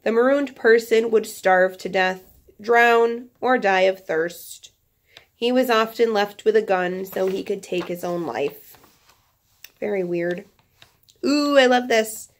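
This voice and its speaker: Teacher reading aloud with playful asides. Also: female voice, mid-range voice, takes it slowly. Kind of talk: reading a book aloud to a class.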